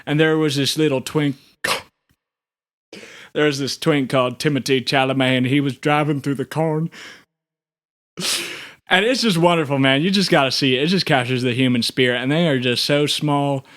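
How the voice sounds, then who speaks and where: A man's voice: mid-range voice, fairly even intonation, normal speed, long pauses, fairly bright tone, natural voice. A man voicing a small, earnest, goofy male alien radio co-anchor in a comedy audio drama, rambling and enthusiastic.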